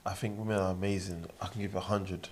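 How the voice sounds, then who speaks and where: Fast-talking, animated man. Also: sits low. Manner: animated, joking, calls people "man" and "bro". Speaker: guest on a talk show. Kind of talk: casual panel discussion.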